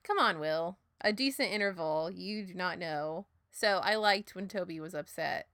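An enthusiastic woman gushes through a casual TV recap chat, saying like often. Her tone is very bright. The sound is close and dry, with no room echo. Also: fairly low pitch, normal speed, smooth. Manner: enthusiastic, chatty, says like a lot.

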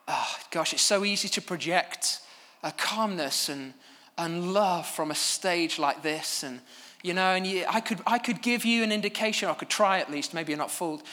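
A man preaching from a church stage with a high, bright voice that carries. He tells stories at his own expense in a lively, animated way, and a long reverb from the hall trails behind his words. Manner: animated, self-deprecating storytelling. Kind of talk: sermon.

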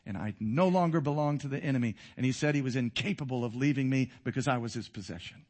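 A man in his fifties preaching a sermon to a congregation, swinging between loud exhortation and quiet intensity. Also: medium pitch, fast. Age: 50s. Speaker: pastor. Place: church before a congregation.

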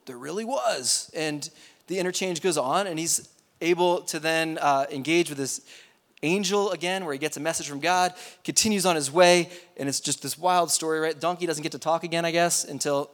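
A man preaching a sermon, retelling a Bible story in a casual, animated way with slangy asides. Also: fairly high pitch, brisk, in a large hall.

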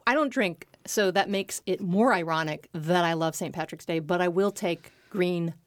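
A woman's voice: fairly low pitch, normal speed, no echo. Woman podcast host, jokey and playful, dry close studio sound. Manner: playful, joke-telling. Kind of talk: casual interview chat.

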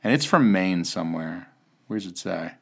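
Low-voiced male podcast host, dry and grumbly, casual swearing. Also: expressive, moderate pace, vocal fry, a bit bright, husky. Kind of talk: casual chat.

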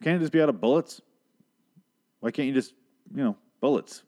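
A man's voice: mid-range voice, fairly quick, dark tone. A young man hosting a podcast, giving a sarcastic, profane recap of a film with incredulous rants. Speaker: podcast host.

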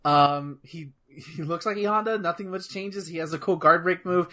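A man chatting casually about gaming news on a podcast, rambling and excitable, swearing freely. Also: on the high side, moderate pace. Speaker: podcast co-host.

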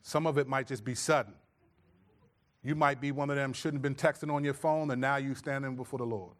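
A middle-aged man's voice, medium in pitch and fairly quick, carries a pastor's sermon. He brings his stories to life, acting out how he sounds when scolding as a father.

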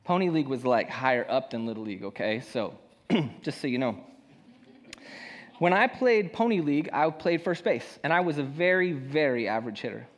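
A man's voice: medium pitch, expressive, normal speed. A young man preaching a sermon as a pastor, telling a personal story in a casual, self-deprecating way. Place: church hall. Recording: long hall reverb.

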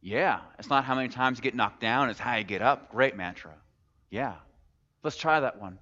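With a relaxed, chatty manner, a male pastor peppers his congregation with questions and slips in down-to-earth jokes, his mid-range voice moving at a moderate pace. A big church hall gives it heavy reverb, and the audio comes across muffled and somewhat dull.

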